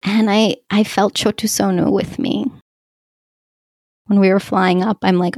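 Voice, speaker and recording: A woman's voice: mid-range voice, level tone, a little slow, creaky, pauses often, darkish tone, no room sound, clean studio sound. A woman coach speaking in a reflective solo podcast monologue, heartfelt and effusive, laughing often and using many fillers.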